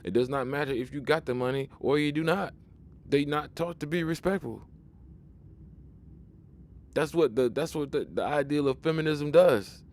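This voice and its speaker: A man's voice: fairly high pitch, moderate pace, long pauses, darkish tone. A man giving a casual spoken commentary monologue, emphatic and preachy, often restarting and repeating words as he pushes his point. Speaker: video commentator.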